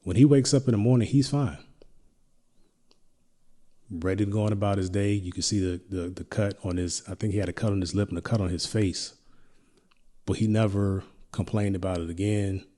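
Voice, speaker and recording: A middle-aged man hosting a podcast, telling a personal story in a reflective, halting way with many restarts. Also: fairly low pitch, fairly even intonation, warm tone. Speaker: podcast host.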